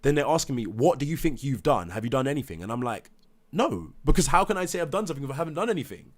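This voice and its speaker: A man's voice: mid-range voice, fast. Agitated man recounting, acts out voices. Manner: animated, acts out others' words, swears. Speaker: parent telling his story. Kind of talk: heated live debate.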